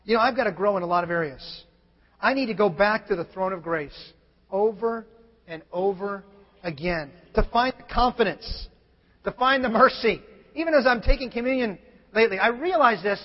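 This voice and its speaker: A man preaching a sermon as pastor. He swings from shouted scripture to quiet, candid confession. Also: sits high, animated, moderate pace. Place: church sanctuary. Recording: muffled sound in a large reverberant hall.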